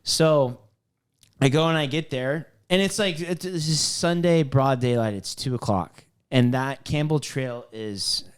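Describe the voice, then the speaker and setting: A man's voice: medium pitch, a little slow, clear, resonant tone. A man co-hosting a podcast, telling a long story in a casual, rambling way with many fillers and restarts. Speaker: podcast co-host.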